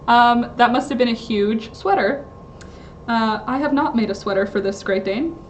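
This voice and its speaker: A woman's voice: on the high side, slight background noise. A woman chatting casually on a livestream from home, rambling and interrupting herself with lots of fillers. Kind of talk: casual live-stream chat.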